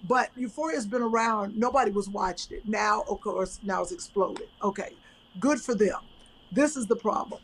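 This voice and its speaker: A woman co-host telling a story as an animated rant in casual chat. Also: mid-range voice, normal speed, slight background noise, rough recording.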